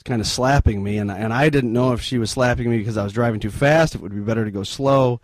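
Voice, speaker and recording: A middle-aged man, a missionary guest in an interview, retelling a story in an earnest, halting, sombre way. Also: medium pitch, no room sound.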